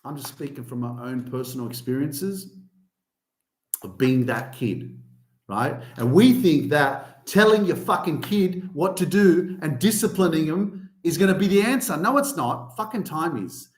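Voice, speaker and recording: A man in his thirties, a motivational coach, talking casually with lots of swearing, going from quiet storytelling to loud emphatic bursts. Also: a little high, animated, a little slow, reverberant. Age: 30s. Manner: profane, emphatic, swings between soft and loud. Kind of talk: casual monologue.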